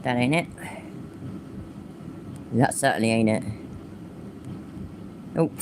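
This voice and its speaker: A woman's voice: very deep voice, slow pace, noisy background. A woman hosting a casual commentary channel from home, sarcastic, swearing freely and laughing easily.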